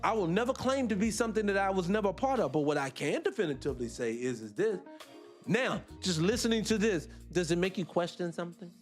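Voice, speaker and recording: Animated high-voiced man hosting a livestream. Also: quick pace, soft background music. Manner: emphatic, full of rhetorical questions. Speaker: livestream host. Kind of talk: casual livestream monologue.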